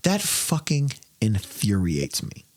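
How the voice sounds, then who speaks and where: A man's voice: fairly low pitch, slow, no echo. Ranting, swearing podcast host man. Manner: ranting, animated, swears a lot, mocking voices. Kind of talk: casual profane podcast chat.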